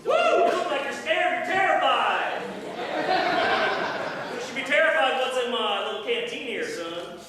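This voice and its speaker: A man's voice: very high voice, very animated, normal speed, over a noisy crowd, heavy background noise. A man playing a rowdy backwoods bobcat mountain man at a scout ceremony, hammy and teasing, recorded from far off in an echoey hall. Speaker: costumed ceremony character.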